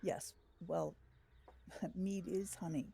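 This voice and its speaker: A woman's voice: lowish voice, steady tone, slow, gravelly, warm tone, slight background noise. A woman playing a tabletop game, hesitant, with fillers and restarts. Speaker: player.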